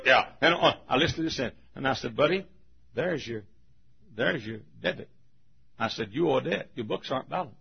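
An older man preaching a sermon, telling a story and acting out the voices, shouting at the high points. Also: moderate pace, vocal fry, slightly rough. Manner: animated, acts out voices, shouts at peaks. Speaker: pastor. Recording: muffled lo-fi recording.

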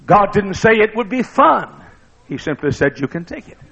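A male preacher delivering a sermon in a dramatic style that booms and then drops to a hush. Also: very animated, normal speed, creaky, slightly rough. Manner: dramatic preaching, booming one moment and hushed the next. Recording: dull lo-fi sermon recording.

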